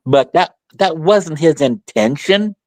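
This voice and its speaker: A middle-aged man, a guest author, telling a story in casual conversation, animated and colloquial with frequent restarts. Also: on the high side, slow pace, dry recording.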